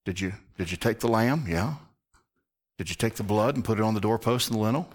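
A preacher voicing a calm man who patiently reassures his nervous friend with questions. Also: fairly low pitch, a little fast, close to an everyday voice. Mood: reassuring.

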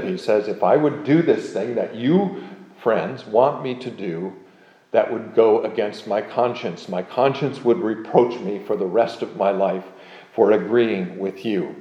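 A man giving an expository Bible lecture, explaining verses with measured, emphatic readings of scripture. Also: on the low side, a little mellow, reverberant, poor audio. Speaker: Bible teacher.

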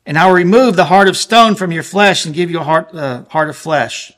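A male preacher with a fairly high-pitched voice delivers an earnest sermon. He reads scripture aloud and leans hard on key phrases, slowing down to press them home. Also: fairly bright tone.

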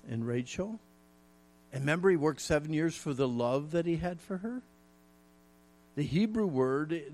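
A man's voice: mid-range voice, gravelly, a little mellow. A middle-aged man preaching a folksy, emphatic sermon with jokes and repetition. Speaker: pastor.

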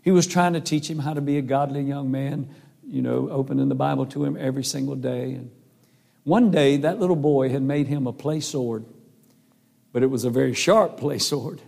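A man's voice: mid-range voice, moderate pace, vocal fry, darkish tone. A man preaching a sermon and telling stories in an earnest, folksy way. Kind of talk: sermon with storytelling. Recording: long hall reverb.

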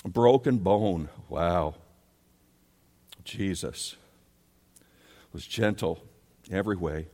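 A man's voice: mid-range voice, darkish tone. Emphatic male preacher in a big hall. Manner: emphatic preacher who rises and drops in volume, repeating key words. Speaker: pastor. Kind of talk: sermon. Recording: long reverb of a large hall.

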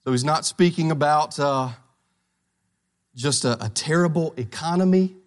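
High-voiced guy preaching, says the same line over and over, asks the church questions. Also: normal speed. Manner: emphatic, repeats key phrases. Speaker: pastor. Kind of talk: sermon.

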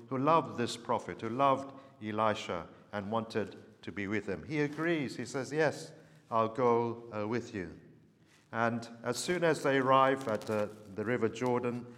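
A man preaching a sermon, telling a story in an earnest, unhurried way. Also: fairly low pitch, a bit bright, in a large hall.

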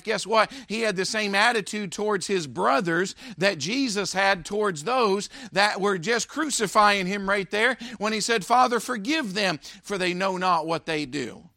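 A man preaching a sermon as pastor, with emphatic swells and sudden loud peaks. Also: high-pitched, no echo, clean studio sound.

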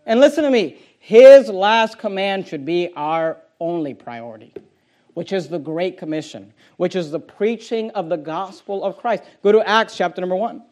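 Pastor, male, strikingly high pitch; emphatic, combative pulpit delivery that drives points home by repetition. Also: moderate pace, darkish tone. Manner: emphatic and confrontational, repeats key phrases. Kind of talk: sermon.

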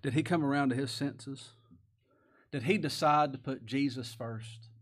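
A man's voice: mid-range voice, a little slow. Folksy preacher man. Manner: folksy preaching, rhetorical questions, reads scripture aloud. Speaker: pastor. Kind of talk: sermon.

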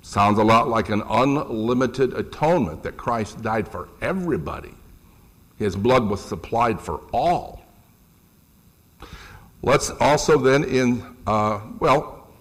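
A middle-aged man preaching a sermon, animated, rising in pitch for emphasis and asking the congregation questions.

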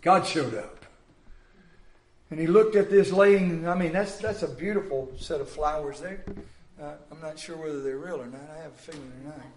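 A man preaching a sermon, acting out the voices of biblical figures and swinging from loud to hushed. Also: fairly high pitch, moderate pace, slight background noise. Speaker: pastor. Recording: echoey room.

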